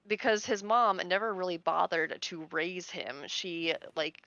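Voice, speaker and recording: A woman's voice: on the low side, a little slow, bright, forceful tone, dry recording. A woman co-hosting a podcast, rambling through her theory with lots of fillers. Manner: rambling, filler-heavy with 'like'. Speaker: podcast co-host. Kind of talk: casual discussion. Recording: dull dry lo-fi mic.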